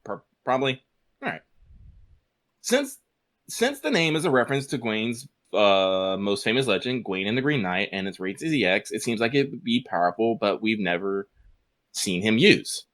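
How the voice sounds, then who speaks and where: Man, low voice, very lively pitch, podcast co-host, animated and laughing, casual chat. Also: moderate pace. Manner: animated, laughs often, exclaims. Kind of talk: casual chat, reading listener mail.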